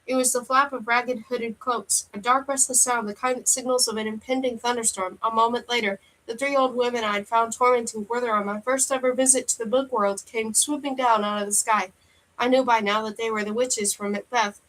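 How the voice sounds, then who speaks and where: A woman with a slightly high voice reads a fantasy novel aloud. Her narration is steady and plain, with the occasional small stumble she corrects as she goes. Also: a little fast, low-quality recording. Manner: steady first-person narration with occasional slips. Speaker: audiobook reader.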